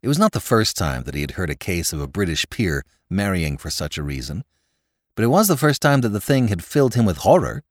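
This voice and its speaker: A man narrating classic fiction in a wry, expressive storytelling manner. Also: sits low, fairly quick, dry recording, clean studio sound. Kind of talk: audiobook reading of classic fiction.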